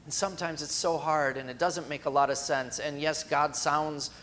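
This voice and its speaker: A male pastor preaching a sermon, swinging between emphatic raised cries and quiet, hushed lines, and acting out imagined quotes in a chatty voice. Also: a little high, fairly even intonation, moderate pace, long reverb tail.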